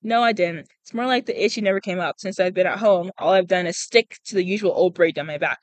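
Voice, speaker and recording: A woman's voice: lowish voice, fast, no echo, poor audio. A young woman hosting a casual podcast, reading a book aloud and chatting, often tripping over words and laughing, on a cheap small mic outdoors. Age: young adult. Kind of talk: casual read-aloud with chat. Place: outdoors in a public spot. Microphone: cheap small microphone.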